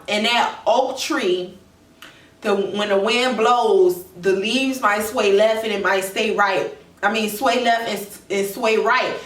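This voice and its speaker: The voice belongs to a young woman vlogger, slightly high and a bit bright, as she emotionally and candidly recounts a personal story for her audience in storytime style. An echoey room and a far-off mic shape the sound.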